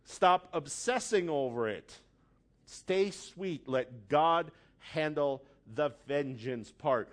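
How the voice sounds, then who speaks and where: High-pitched guy preaching in church, super animated, squeals out little acted bits. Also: slow. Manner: animated, acts out voices with sudden high squeals. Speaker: pastor. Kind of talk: sermon.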